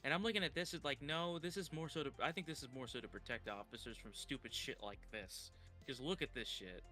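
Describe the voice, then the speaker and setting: A man's voice: mid-range voice, fairly quick, bright, forceful tone, soft background music. A man hosting a reaction stream, talking casually and swearing freely while telling stories.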